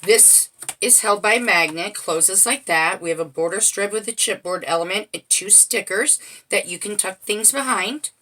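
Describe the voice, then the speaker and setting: Bright-toned woman showing her craft work. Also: medium pitch, normal speed. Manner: chatty, walking through each page item by item. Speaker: crafter showing a handmade album. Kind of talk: casual show-and-tell narration.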